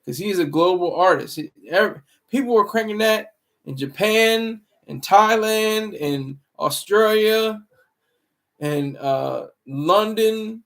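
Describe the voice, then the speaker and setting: A man's voice: high-pitched, expressive, takes it slowly, vocal fry. A man hosting a live stream, rambling and moralizing in casual commentary, often restarting his words. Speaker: livestream commentary host.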